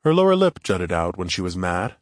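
A man's voice: low-pitched, big pitch swings, brisk, no room sound, studio quality. A man narrating a first-person adventure story in a wry, conversational way.

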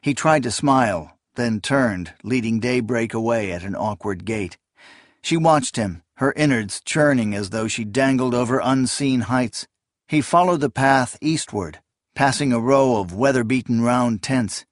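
A man narrating a fantasy novel in an audiobook with measured, even storytelling. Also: mid-range voice, dry recording, studio quality.

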